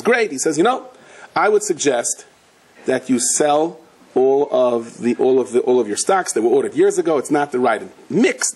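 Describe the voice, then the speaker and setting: A man, a rabbi giving a Torah lecture, telling stories and acting out the people in them with big jumps in his voice. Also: slightly rough. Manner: animated storyteller, acts out quotes with big pitch jumps.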